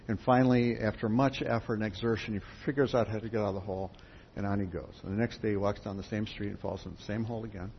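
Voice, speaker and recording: A fast-talking man with a fairly low, steady, creaky voice addresses his group at a spiritual gathering. His sermon is built on folksy parables told straight to listeners, and the recording is dull and lo-fi with faint background noise.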